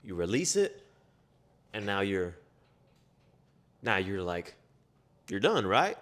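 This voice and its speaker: A man delivering a self-improvement pep talk in a somewhat low voice. He is blunt and profane, and he hammers his points home with strings of quick rhetorical questions. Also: sing-song, fairly bright tone. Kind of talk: motivational monologue.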